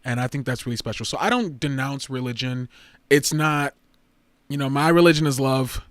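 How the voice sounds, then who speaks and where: A man chats loosely to his viewers on a livestream, swinging from low, muttered asides up to loud, excited bursts. His voice sits in a middle pitch and is recorded dry and close, with almost no room sound. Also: moderate pace, dry recording. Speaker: livestream host. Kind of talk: casual livestream chat.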